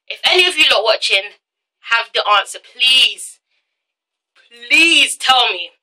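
A teenage girl vents in an exasperated vlog rant, stammering through restarts as she gets heated. Her voice sits high and sounds bright and sharp. She records on a phone held out at arm's length. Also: low-quality recording. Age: teens. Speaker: vlogger. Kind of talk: ranting vlog.

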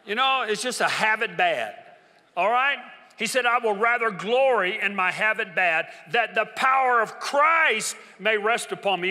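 A man preaches to his congregation with a high, very bright, ringing voice. He mixes jokes with emphatic repeated lines and has the crowd say phrases back. His words carry a long reverb through a large church hall. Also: expressive, a little slow. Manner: humorous, emphatic preaching with call-and-response. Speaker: pastor. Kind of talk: sermon.

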